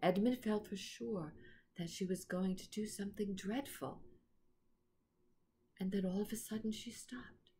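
A woman reading a children's story aloud as the narrator, in a slow, careful way. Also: medium pitch, warm tone. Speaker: reader.

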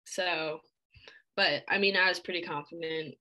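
A young woman with a bright, clear voice sits low in her range as she answers interview questions. She talks casually, with plenty of fillers like "like" and "I mean." She is shivering slightly after an ice bath. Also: a little slow, rough recording. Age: young adult. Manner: relaxed, filler-heavy speech, many "like"s. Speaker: athlete interviewee.

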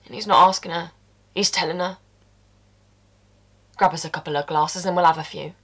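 A woman playing a husky, blunt woman confessing. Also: lowish voice, fairly even intonation, normal speed, a bit bright. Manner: blunt, swears, drops into whispers. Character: tough working-class London woman confessing a killing. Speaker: actor performing a monologue. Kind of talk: stage monologue.

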